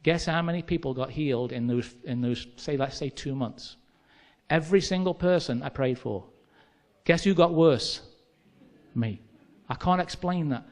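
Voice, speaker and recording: A man's voice: mid-range voice, normal speed, a little mellow. An English preacher with a Midlands accent tells a personal story from the pulpit. He speaks conversationally and acts out the dialogue as he goes. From England. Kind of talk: sermon storytelling.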